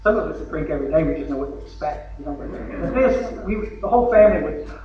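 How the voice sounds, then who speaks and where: A man's voice: a little high, lively intonation, quick pace, background noise. A man with a Texan accent giving a folksy, joking recovery talk from the podium at a convention. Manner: folksy and joking, with acted asides. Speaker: convention speaker. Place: large convention hall. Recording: echoey hall, lo-fi, from far off.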